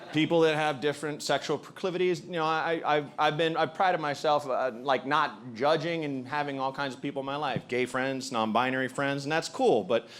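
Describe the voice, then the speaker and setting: A man performing a stand-up comedy set before a live audience, animated and breaking into acted voices for the people in his stories. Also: a little high.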